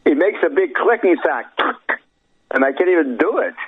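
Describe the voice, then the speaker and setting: Husky man on a tinny phone line. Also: a little high, lively intonation, moderate pace. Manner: mocking, laughing. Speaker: radio show guest. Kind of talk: casual talk radio chat.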